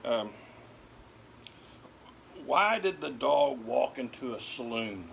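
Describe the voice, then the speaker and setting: A man's voice: medium pitch, expressive, slow, creaky, a bit bright, slight background noise. An older man telling corny dog jokes at home to his dogs, laughing at his own puns and then explaining them. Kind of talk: corny joke routine.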